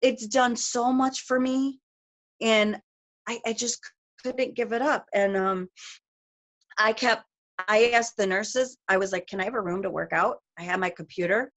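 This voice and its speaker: A middle-aged woman, a guest speaker, telling a personal story on a group call in a rapid, emotional way with lots of fillers. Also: fairly high pitch, fairly even intonation.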